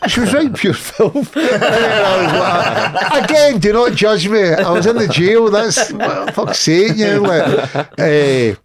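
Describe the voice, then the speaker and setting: A man's voice: sits high, expressive, takes it slowly, hardly any pauses, a loud crowd. A middle-aged Scottish man, a guest comedian telling a rude anecdote on a podcast, swearing and laughing as he talks.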